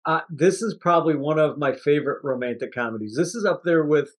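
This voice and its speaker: A man's voice: a little high, fairly quick. A man co-hosting a movie review podcast, chatting casually and acting out scenes from the film with laughter. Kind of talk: casual chat.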